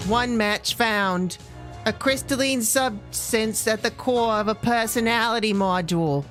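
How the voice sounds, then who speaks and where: A flat, robotic female android rattles off archive entries in a clipped Boston accent, as a woman reads her lines aloud. Game music plays faintly underneath. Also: fairly high pitch, unhurried, pitched above the performer's own voice. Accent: put-on Boston accent. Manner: clipped, robotic readout delivery.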